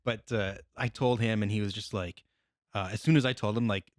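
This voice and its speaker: A man's voice: lowish voice, steady tone, dry recording, studio quality. A man co-hosting a podcast, telling a story in a loose, casual way with lots of fillers and restarts. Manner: laid-back, halting with many fillers and restarts. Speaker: podcast co-host.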